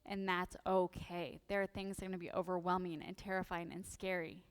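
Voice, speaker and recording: A woman priest giving a lively, humorous sermon in a church, full of animated, sarcastic asides. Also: fairly low pitch, brisk, clear, resonant tone, in a large hall. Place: church sanctuary.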